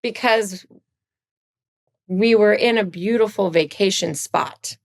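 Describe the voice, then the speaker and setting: A middle-aged woman from Virginia, a podcast guest, chatting casually and telling animated stories, leaping up in pitch for quoted lines. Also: takes it slowly. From Virginia, USA. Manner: animated storyteller, jumps high for quoted lines. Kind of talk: casual chat.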